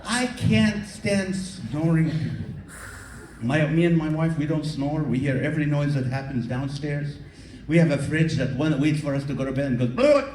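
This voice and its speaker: High-voiced stand-up comic in an echoey hall. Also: male voice, normal speed, recorded from a distance, slight background noise. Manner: animated, teasing audience members. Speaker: stand-up comedian. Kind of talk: stand-up comedy with crowd work. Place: live comedy show hall with audience. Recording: echoey hall taped from the audience. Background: audience laughter.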